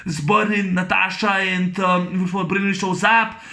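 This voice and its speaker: High-voiced man excitedly recapping a movie. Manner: excited, imitates gunshots with his voice; halting, full of fillers and restarts. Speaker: movie reviewer.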